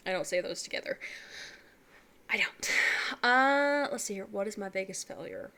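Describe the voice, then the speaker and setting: Young adult woman vlogger, bright tone, rambling and self-deprecating chat. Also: medium pitch, unhurried, pauses often. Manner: rambling, candid, self-deprecating, laughs often. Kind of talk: casual chat.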